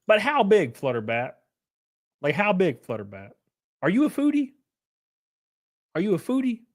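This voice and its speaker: A man hosting a livestream, answering chat messages in a brash, profane, animated way. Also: sits high, moderate pace. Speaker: livestream host reading chat.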